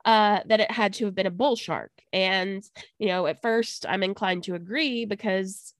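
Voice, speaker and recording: A woman co-hosting a podcast, telling a history story in a casual, animated way, laughing and tripping over names. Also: mid-range voice, moderate pace, no room sound. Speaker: podcast co-host.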